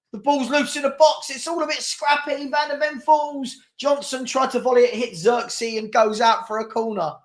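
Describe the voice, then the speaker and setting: Excitable football fan host. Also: male voice, high-pitched. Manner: excitable, exasperated, quick to laugh. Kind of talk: live football watchalong commentary.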